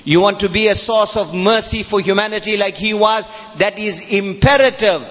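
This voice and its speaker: A male preacher delivers a Friday sermon with mounting passion, his voice high and bright as he hammers each point home. The recording sounds dull and lo-fi, with long reverb trailing off the walls of a large prayer hall. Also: normal speed, few pauses. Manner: impassioned, emphatic, swelling to near-shouts. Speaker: imam giving a Friday sermon.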